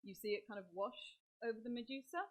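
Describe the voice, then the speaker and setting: A woman's voice: on the high side, fast, rough recording. A woman running a tabletop role-playing game as dungeon master, narrating the scene and questioning players in character.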